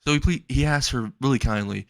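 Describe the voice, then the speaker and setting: A man's voice: medium pitch, brisk, vocal fry, dry recording, clean studio sound. A man casually telling a comic fan story, laughing and swearing as he rambles along.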